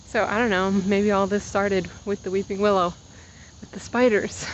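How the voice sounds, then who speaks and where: Walking uphill outside, a female vlogger in her twenties chats casually and drifts into side stories, slightly short of breath. She speaks at a normal speed in a mid-range voice with fairly even intonation. Audio quality is poor, with slight background noise.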